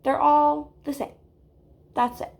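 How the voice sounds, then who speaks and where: Slow, high-voiced woman lecturing. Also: little pitch movement, creaky, darkish tone. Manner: drawn-out phrases, keeps tagging "okay?". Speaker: mock spiritual teacher. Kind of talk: deadpan parody self-help lecture.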